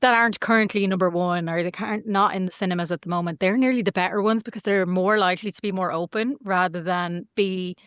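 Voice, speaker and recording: Irish woman in her 40s, podcast guest, chatty storyteller, mid pitch, dry close sound. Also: quick pace, hardly any pauses, clear, resonant tone, dry recording. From Ireland. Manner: chatty, animated storytelling with acted-out quotes. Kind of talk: casual chat.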